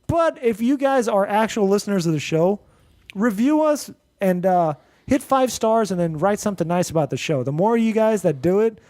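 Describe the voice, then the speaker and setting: A man's voice: high voice, animated, normal speed, darkish tone, no echo. A man hosting a podcast, chatting casually and reading listener reviews aloud, rambling with fillers and frequent laughs, with a mixed Indian-American accent. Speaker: podcast host.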